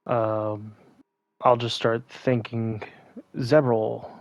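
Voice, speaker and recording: A man's voice: mid-range voice, flat delivery, very slow, no room sound, dull audio. A man playing a tabletop game, speaking casually and a little hesitantly. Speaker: player.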